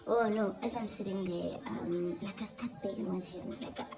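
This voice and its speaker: A young-sounding woman recounts a tense personal story in a casual storytime monologue, animated and full of fillers. Her voice has a gravelly fry at the edges, and clear music plays under her the whole time. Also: mid-range voice, normal speed, poor audio. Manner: animated, dramatic retelling with fillers. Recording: clear music bed behind voice.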